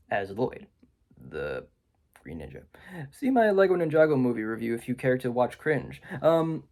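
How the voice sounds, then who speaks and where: A man's voice: medium pitch, darkish tone. A man giving a rambling, sarcastic movie review indoors, full of ums and asides. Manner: sarcastic, filler-heavy with many ums. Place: indoors, room with a window.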